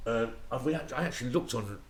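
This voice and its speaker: A man's voice: mid-range voice, fast talker, slight background noise. An English man, a musician guest, telling rambling stories in casual slang, full of restarts.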